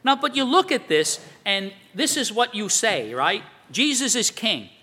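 A man's voice: high-pitched, very animated, unhurried, sharp tone, breathy edge. A man preaching a sermon in a conversational way, quoting scripture and asking rhetorical questions. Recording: long hall reverb.

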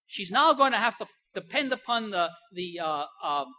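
An older woman preaching a sermon, emphatic, slowing right down on key phrases and swinging between soft asides and loud stresses. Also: mid-range voice, very animated.

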